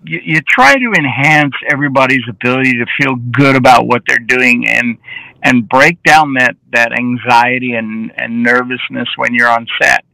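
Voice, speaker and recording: A man, a film director, talks through behind-the-scenes stories in a casual interview. His voice is raspy with a bright, forceful edge, and it sounds close and dry with no room around it. He tells his anecdotes with energy and slips into the voices of the people he quotes. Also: mid-range voice, normal speed, no room sound, rough recording. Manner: lively anecdotes, often acting out quoted dialogue.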